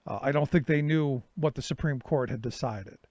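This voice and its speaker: A man's voice: mid-range voice, normal speed, a little mellow, no echo. A middle-aged male talk show host telling a story in a casual monologue and acting out his own exchanges.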